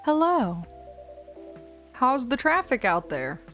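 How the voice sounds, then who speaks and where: A woman's voice: sits high, big pitch swings, takes it slowly, bright, forceful tone, soft background music, voice pushed up, full character voice. A woman voicing a poised, courteous older woman from a cozy game. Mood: polite.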